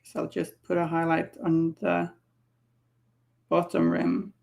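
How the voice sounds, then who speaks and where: Slow, gravelly woman chatting while painting. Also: low voice, sing-song, darkish tone. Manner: chatty, laughing, musing aloud. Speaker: miniature painter streaming. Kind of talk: casual chat while painting.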